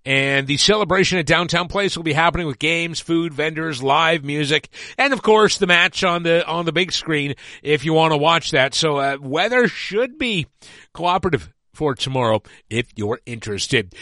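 A man with a bright, forceful and slightly high voice hosts a radio show, talking in easy patter with little fillers. The studio sound is dry and close, with no room around him. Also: normal speed, dry recording. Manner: relaxed, chatty with fillers. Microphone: studio broadcast mic.

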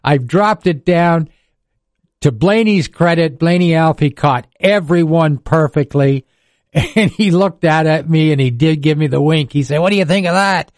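An older man, spinning a rambling sports story and chuckling as he goes. His voice sits a little high for a man. The sound is close and dry, with no room around it. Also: a little slow, a little mellow, no room sound. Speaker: radio sports broadcaster and host. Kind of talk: casual storytelling chat.

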